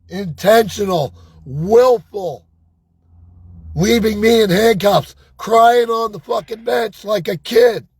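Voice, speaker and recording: A man's voice: sits high, a little mellow, slightly rough, dry recording. An older man talking in an agitated personal monologue, swearing and asking "right?" again and again. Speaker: vlogger.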